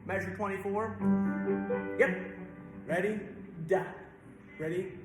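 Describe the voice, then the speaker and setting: A man's voice: sits high, fairly even intonation, takes it slowly, loud music behind the voice. A man directing a choir rehearsal, breaking into song to demonstrate and stopping often to correct the singers. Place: church sanctuary. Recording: very echoey church room.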